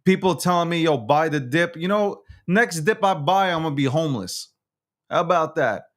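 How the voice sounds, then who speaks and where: On a nightly recap show, the male host launches into an angry on-camera rant full of curses and repetition. His voice sits on the high side, expressive, at a moderate pace.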